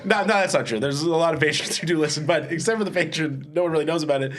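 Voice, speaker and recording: A man's voice: a little high, rapid-fire, fairly bright tone. A man hosting a comedic panel podcast, rambling and self-mocking, often laughing as he talks. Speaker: podcast host. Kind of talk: casual comedic panel chat.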